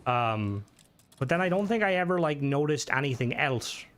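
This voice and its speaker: A man's voice: a little high, expressive, normal speed, a bit bright, a little hiss or hum. A man talks casually while streaming a game, rambling, swearing and restarting his sentences often. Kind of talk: casual gaming stream commentary.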